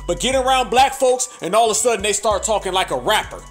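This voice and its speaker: A man's voice: high-pitched, fast talker, soft background music. A man giving heated, mocking, profane political commentary.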